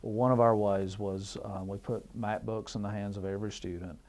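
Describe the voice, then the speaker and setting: Deep, mellow man. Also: steady tone, a little fast. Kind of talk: documentary interview.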